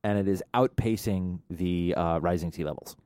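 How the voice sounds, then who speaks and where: A man co-hosting a casual chat, animated and laughing often, talking about building and home shows. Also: sits low, normal speed, no room sound, clean studio sound. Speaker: podcast co-host.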